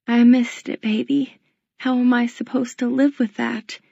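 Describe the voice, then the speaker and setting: A woman voicing a worn, worried middle-aged working mother who speaks softly and pleadingly, close to tears. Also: a little high, little pitch movement, unhurried, creaky, no room sound, dull audio, pitched above the performer's own voice. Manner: soft, pleading, tearful.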